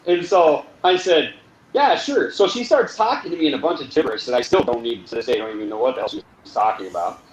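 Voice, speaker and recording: A man's voice: medium pitch, expressive, very fast, few pauses. A man, co-host of the show, telling a funny story in casual chat and acting out both sides of it. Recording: echoey room with faint noise.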